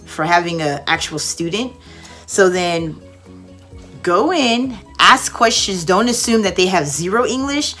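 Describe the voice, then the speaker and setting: A young woman mentoring online English teachers in a casual, lively way, acting out a cheerful classroom voice at times. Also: on the low side. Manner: lively, demonstrates with exaggerated teacher voice. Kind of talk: casual instructional talk.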